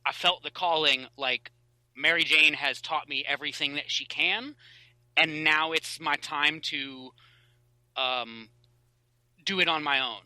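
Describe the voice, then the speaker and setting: A man, a podcast guest, telling a long personal story in casual interview talk, animated and rambling with many fillers and restarts, on a close mic. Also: on the high side, unhurried, pauses often, no room sound, rough recording.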